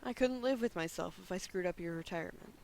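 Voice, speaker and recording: A man reading the lines of a debt-ridden woman near forty, speaking in quiet, defeated confessions. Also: sits high, fast talker, creaky, noisy background. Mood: ashamed.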